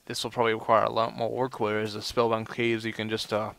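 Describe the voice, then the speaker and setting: A man's voice: lowish voice, monotone, quick pace, gravelly, fairly bright tone, no room sound. A young man giving casual let's play commentary, rambling and full of "you know" fillers. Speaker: gameplay commentator.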